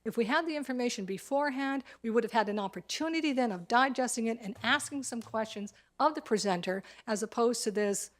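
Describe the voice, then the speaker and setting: A woman's voice: a little high, brisk. Frustrated woman councillor objecting emphatically. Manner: frustrated, emphatic, repeats points. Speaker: town councillor. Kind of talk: council meeting debate.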